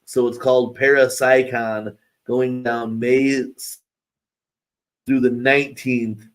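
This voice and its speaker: Slow-talking man reading an announcement. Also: mid-range voice, little pitch movement, rough recording. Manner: unhurried, reads news items aloud. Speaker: co-host. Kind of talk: casual chat, reading announcements.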